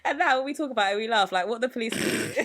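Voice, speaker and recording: A young woman, co-hosting a podcast and telling a story in a casual, animated way, acting out the people in it. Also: on the high side, rapid-fire. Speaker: podcast co-host.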